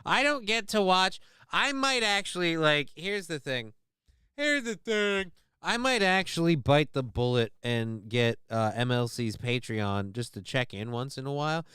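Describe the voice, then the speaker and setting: Smooth-voiced, profane livestream host man. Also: a little high, animated, moderate pace, hardly any pauses, pushed and bright, no room sound, studio quality. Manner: profane, rambling, self-mocking. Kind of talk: casual livestream chat.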